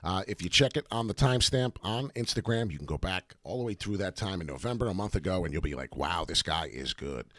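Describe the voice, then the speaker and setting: A man hosting excited crypto chart commentary, repeating himself and dropping rhyming asides. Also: lowish voice, quick pace, few pauses, dry recording. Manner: animated, repetitive, rhyming asides. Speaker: crypto chart analyst host.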